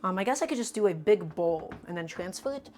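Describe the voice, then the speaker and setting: A woman's voice: on the low side, expressive, a little fast, a little mellow, slight background noise. A woman streaming live while cooking, chatting to her viewers and hamming up her small annoyances for laughs. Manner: mock-dramatic grumbling, playful.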